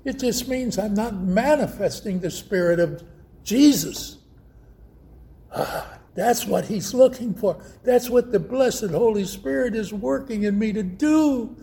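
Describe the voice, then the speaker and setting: Male preacher, high mellow voice, slow storytelling sermon. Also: expressive, gravelly.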